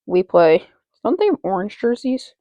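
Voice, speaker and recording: A woman giving excitable live commentary on her own football video game, repeating player names and talking to herself as she plays. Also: mid-range voice, normal speed, no room sound, highs cut off. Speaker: gaming channel host.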